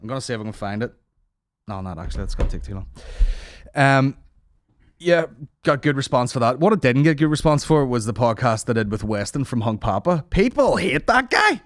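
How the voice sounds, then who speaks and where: A man in his thirties hosts a comedy podcast in a rambling, sarcastic rant, swearing freely. His voice sits at an ordinary middle pitch. It sounds close and dry on a studio mic, with no room echo. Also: expressive, fairly quick. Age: 30s. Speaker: podcast host. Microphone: studio microphone.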